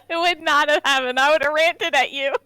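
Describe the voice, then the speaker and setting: A woman's voice: high-pitched, pushed and bright, slight background noise. A young woman co-hosting a casual podcast, ranting with frequent laughter. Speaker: podcast co-host. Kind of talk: casual chat and ranting commentary.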